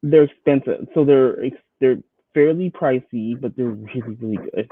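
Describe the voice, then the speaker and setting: A man's voice: medium pitch, moderate pace. A man co-hosting a podcast, chatting casually about a reality show, often stammering and restarting as he quotes himself. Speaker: podcast co-host. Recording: dry, phone-like narrow sound.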